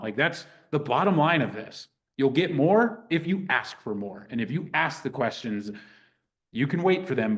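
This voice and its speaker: A man teaching a real estate class in a lively, conversational way, acting out sample phone calls. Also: a little high. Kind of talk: teaching a live workshop.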